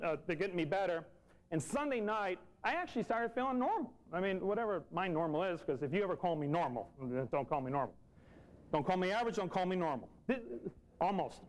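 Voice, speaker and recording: A man's voice: sits high, animated, fast talker, poor audio. A man, telling a personal story earnestly and repeating phrases for emphasis. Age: 40s.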